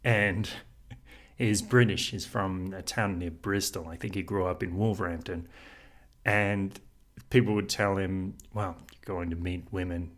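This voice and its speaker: A man with a very low, deep voice talks through an idea on his own podcast. He sounds earnest and unhurried, and he breaks into soft laughs often as he muses. It is a reflective solo monologue. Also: fairly even intonation. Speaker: podcast host.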